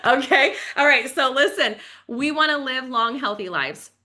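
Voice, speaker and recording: Fast-talking, bubbly woman in her forties. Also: high-pitched, expressive, bright, forceful tone. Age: 40s. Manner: fast, enthusiastic, chatty. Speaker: wellness product presenter. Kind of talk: live-stream sales pitch.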